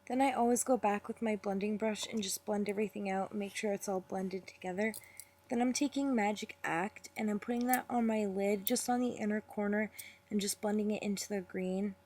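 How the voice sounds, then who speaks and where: Young woman doing a makeup tutorial voiceover, chatty, slowed down on purpose, mid pitch. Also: steady tone, a little mellow. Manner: deliberately slowed, chatty step-by-step talk. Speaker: beauty vlogger.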